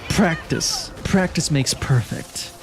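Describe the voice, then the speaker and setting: Brief: man from Malaysia, casual game-stream chat, slightly high voice, faint music behind. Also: slow, creaky. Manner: relaxed, chatty, reads and answers chat.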